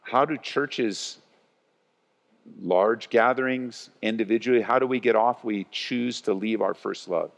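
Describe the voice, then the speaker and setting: Male pastor, animated sermon delivery, rising to loud and dropping to quiet, big reverberant sanctuary sound. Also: medium pitch, measured pace, creaky. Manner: animated, swings between loud and hushed. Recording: long church hall reverb.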